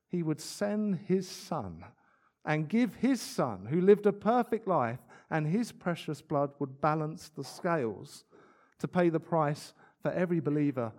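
A man preaching a sermon, earnest, slowing down to stress key words and adding light asides. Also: on the high side, darkish tone.

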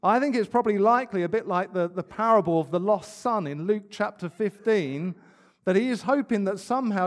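A man preaching a sermon, earnest, slowing down to stress key words and adding light asides. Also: sits high, animated.

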